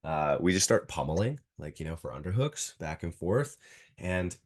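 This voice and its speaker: Guy in his thirties, low voice, chatty storyteller who leans on "like" and acts out quotes. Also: big pitch swings, normal speed, dry recording, studio quality. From Canada. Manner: filler-heavy, acts out quotes. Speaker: podcast guest, jiu-jitsu coach. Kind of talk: casual storytelling.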